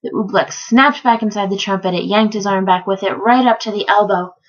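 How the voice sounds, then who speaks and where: A woman giving a theatrical, lively reading of a children's book. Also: medium pitch, fairly quick, highs cut off. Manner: lively storytelling. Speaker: reader.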